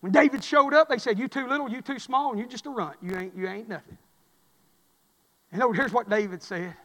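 A man preaching a sermon, telling folksy stories and swinging from loud cries to low murmurs. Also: fairly quick, in a large hall.

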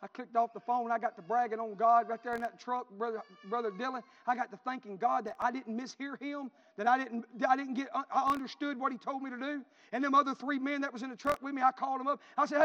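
High-voiced fervent preacher. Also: male voice, fast, a bit bright. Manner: fervent, repetitive storytelling preacher. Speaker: pastor. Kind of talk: sermon. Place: church sanctuary. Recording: dull lo-fi recording with long church reverb.

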